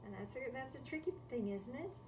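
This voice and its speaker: A woman's voice: high voice, lively intonation, fairly quick. A woman giving a live-streamed spiritual talk from home, reflective and conversational, repeating key phrases and asking rhetorical questions. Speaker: spiritual teacher. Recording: echoey room, distant mic, faint noise.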